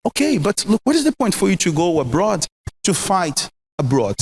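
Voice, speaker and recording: A man in his fifties talks through relationship advice in a persuasive, earnest way. His voice sits fairly high for a man, and he keeps turning questions back to the listener. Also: very animated, normal speed, slightly rough. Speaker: relationship talk show guest. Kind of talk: casual advice talk.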